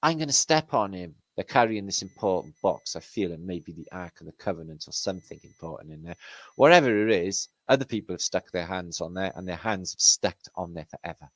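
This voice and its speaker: A man's voice: deep voice, lively intonation, a little fast, dry recording, rough recording. A man from Britain hosting, giving rambling, sarcastic and profane commentary over pictures. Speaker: host.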